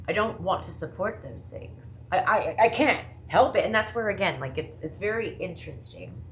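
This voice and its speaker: A woman from the American Midwest talking casually to her viewers, rambling fast with lots of asides and self-interruptions. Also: fairly low pitch, expressive, a little hiss or hum. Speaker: vlogger. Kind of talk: casual monologue to camera.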